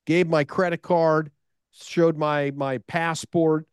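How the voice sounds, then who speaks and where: A man's voice: on the high side, little pitch movement, slow pace, clear, resonant tone, no echo, clean studio sound. A middle-aged American man, a sales speaker, telling stories in a conversation with repeated words and rhetorical questions. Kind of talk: storytelling in a conversation.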